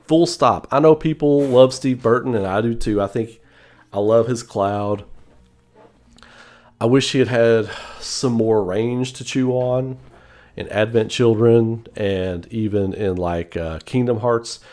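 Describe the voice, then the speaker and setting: A man from the Southern United States chatting casually on a livestream, animated and rambling, answering chat and laughing often. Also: lowish voice. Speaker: online gaming commentator.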